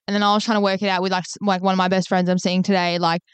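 A woman's voice: medium pitch, very fast, clean tone, no room sound. A young woman, co-hosting a casual podcast chat, swearing freely and full of "like" fillers. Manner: sweary, lots of "like" fillers, animated retelling. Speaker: podcast co-host.

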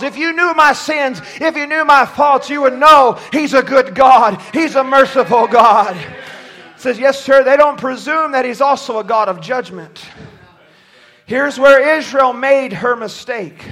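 A man preaching a sermon from a church pulpit, shouting at times and dropping low at others, often stumbling over his words. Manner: impassioned, swings from shouting to near-quiet.

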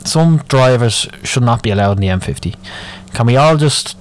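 A man's voice: mid-range voice, expressive, normal speed. Sweary Dublin man ranting. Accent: Irish, Dublin. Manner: moaning, sweary, rambling. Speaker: podcast host. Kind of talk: solo ranting podcast.

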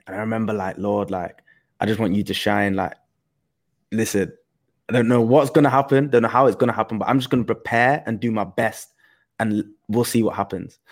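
A man shares a story in a casual podcast chat. He speaks earnestly and often drops to a softer tone. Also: fairly low pitch. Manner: storytelling, earnest, drifts soft.

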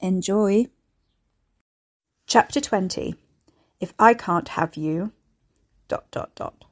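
A woman who hosts and narrates a serialized story podcast, chatty and apologetic in her asides and steady when reading. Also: medium pitch, slow, pauses often. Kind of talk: reading fiction aloud, with casual intro chat.

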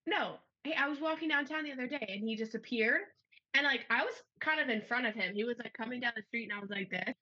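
A woman's voice: on the high side, quick pace, sharp tone, slightly rough. A young woman co-hosting a comedy podcast, telling stories emphatically in casual chat. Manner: emphatic storytelling, laughs easily. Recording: dull lo-fi recording.

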